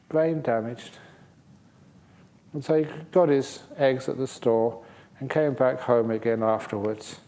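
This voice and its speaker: A man, a Buddhist monk teacher, giving a dharma talk and answering questions, playful and humorous as he tells stories. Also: medium pitch. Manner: lively storyteller, playful and humorous. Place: retreat centre hall.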